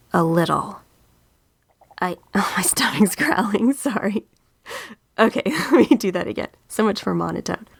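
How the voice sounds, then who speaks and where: A woman's voice: fairly low pitch, gravelly, fairly bright tone. A woman voice actor recording at home in a small tent, giggly and apologetic between takes. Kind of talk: recording outtakes.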